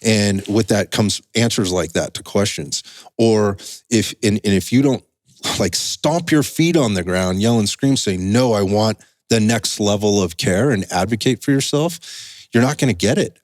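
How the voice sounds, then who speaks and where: A man with a notably low, deep voice hosts a casual podcast conversation, speaking emphatically and often restarting his sentences as he rambles through a point. His voice sounds close and dry on a studio microphone, with no room echo. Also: animated, normal speed. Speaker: podcast host and strength coach.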